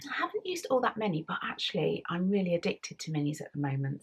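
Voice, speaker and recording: An English woman hosting a knitting podcast, chatting casually to a camera at home and often trailing off into soft near-whispers. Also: lowish voice, big pitch swings, fast talker, breathy edge. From England. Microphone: camera mic.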